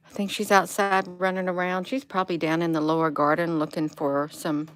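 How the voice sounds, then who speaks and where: A woman with a lowish voice speaks at a moderate pace and with fairly even intonation during a rambling outdoor livestream from her yard. She greets viewers by name and keeps losing track of what she was saying.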